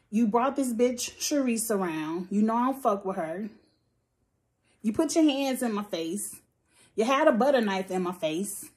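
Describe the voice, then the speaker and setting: A woman giving a blunt, profane, animated review of a reality show in a casual vlog. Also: medium pitch. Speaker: reality TV recap vlogger. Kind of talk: casual opinionated commentary.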